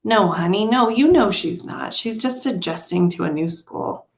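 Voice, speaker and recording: A woman voicing a tired mother gently comforting her young son, soft and hushed, in a roomy recording. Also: medium pitch, normal speed, close to an everyday voice. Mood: tender. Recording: roomy echo.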